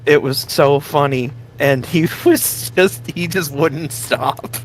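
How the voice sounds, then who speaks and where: Male co-host, slightly high voice, keen storyteller, faint background hiss. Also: slow. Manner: laughing, enthusiastic recounting. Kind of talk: casual chat.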